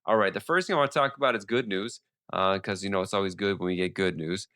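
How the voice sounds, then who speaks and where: A male podcast host with a sore throat, giving legal updates in a fast, casual monologue full of restarts and fillers. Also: sits low, sharp tone, no echo, studio quality.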